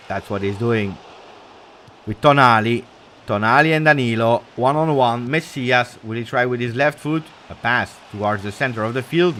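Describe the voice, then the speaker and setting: Excitable middle-aged man calling football live. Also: medium pitch, slight background noise. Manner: excitable play-by-play, peppered with Italian cheers, reads viewer comments. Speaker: live match watch-along host. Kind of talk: live football commentary and chat reaction.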